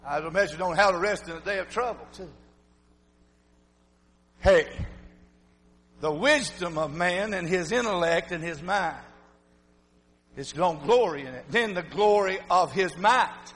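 An older man preaching an emphatic revival sermon, swinging from shouts to low muttering. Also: animated, unhurried, pauses often, in a large hall, a little hiss or hum, low-quality recording.

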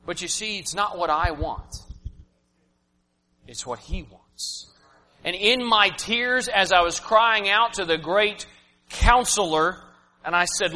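A man in his thirties preaching a personal, emotional sermon, swinging from loud to hushed. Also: on the high side, animated, normal speed. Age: 30s. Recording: reverberant hall, faint hum.

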